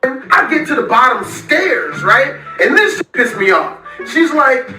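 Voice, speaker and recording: A young man narrating an animated story in an excitable, loud way, often laughing as he tells it. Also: extremely high pitch, normal speed, hardly any pauses. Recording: echoey far-off audio with music.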